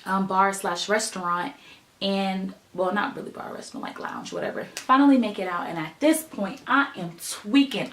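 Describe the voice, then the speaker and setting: Animated young woman in an echoey room. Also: mid-range voice, moderate pace. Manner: animated, emphatic storytelling with many "like" and "right?" fillers. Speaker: vlogger telling a story. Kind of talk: casual storytime.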